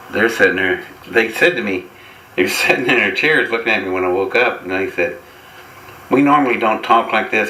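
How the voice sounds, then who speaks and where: A man's voice: on the low side, bright, forceful tone, roomy sound, a little hiss or hum, rough recording. A man guest in an interview, telling a long personal story in a folksy, wry way and chuckling at his own lines. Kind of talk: casual storytelling.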